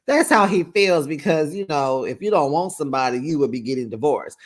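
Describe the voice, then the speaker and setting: A reality TV recap host giving sassy, teasing, animated commentary in a casual chat style and calling viewers honey. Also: medium pitch, a little fast, few pauses.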